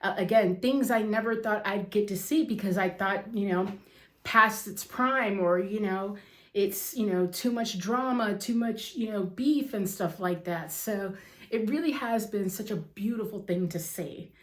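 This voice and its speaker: A woman's voice: medium pitch, measured pace. A woman in her thirties hosting a wrestling talk show, gushing and emotional, calling her viewers "you guys" and exclaiming "oh my gosh.". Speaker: wrestling vlogger. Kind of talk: excited casual chat to camera. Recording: echoey room.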